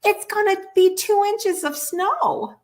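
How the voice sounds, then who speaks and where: A woman voicing a sweet, frail elderly lady who has just come out of the hospital, speaking gently and gratefully. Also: very high voice, slow, pitched above the performer's own voice. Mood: chatty.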